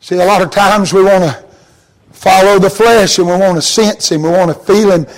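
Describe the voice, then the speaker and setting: High-voiced fervent male preacher. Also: steady tone, normal speed. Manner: fervent, swinging from hushed storytelling to shouted emphasis; folksy, plain-spoken preaching. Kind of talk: sermon.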